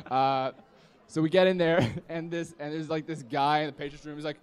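Young man, comic storyteller, fairly high voice, rambles and acts out his friends' lines. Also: moderate pace, smooth. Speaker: storyteller at a live comedy podcast. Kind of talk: live comedic storytelling. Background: live audience laughter.

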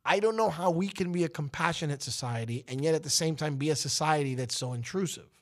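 A man's voice: a little high, quick pace. A man hosting a talk show, delivering an emphatic, preachy opinion monologue that rises to outbursts. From United States.

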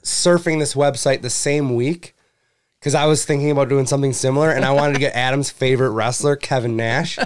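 A man's voice: medium pitch, fairly even intonation, a little fast, clear, resonant tone, no room sound. A man co-hosting a podcast, explaining things plainly in casual chat and tossing in dry jokes.

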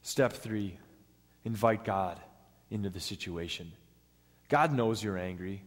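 Male preacher, lower voice, earnest and methodical sermon delivery, long reverb of a church hall. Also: slow pace. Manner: earnest, step-by-step teaching with acted-out quotes.

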